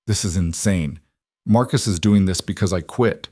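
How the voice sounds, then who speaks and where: A man's voice: low voice, normal speed, warm tone, slightly rough, dry recording, studio quality. A man voicing a tired, struggling single father who sounds weary and defensive.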